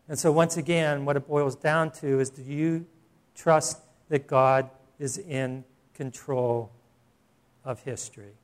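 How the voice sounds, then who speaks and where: A man's voice: mid-range voice, fairly even intonation, slow pace. A man preaching a sermon in a conversational way, often asking the congregation questions. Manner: conversational preaching with rhetorical questions and soft laughs. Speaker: pastor.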